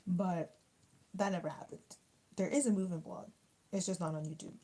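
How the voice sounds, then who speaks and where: A woman's voice: on the low side, normal speed, dark tone, rough recording. Rambling young woman chatting on a livestream. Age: young adult. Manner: rambling, filler-heavy, reacts to chat comments. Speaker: YouTuber reading live chat. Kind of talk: casual livestream chat while eating.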